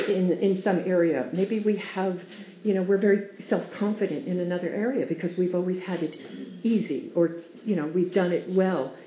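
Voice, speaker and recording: A woman's voice: fairly low pitch, slight background noise. Earnest woman teaching Scripture in a roomy space. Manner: earnest, warm storytelling with laughs. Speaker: Bible teacher. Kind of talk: devotional teaching. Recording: roomy, dull lo-fi sound with faint ambience.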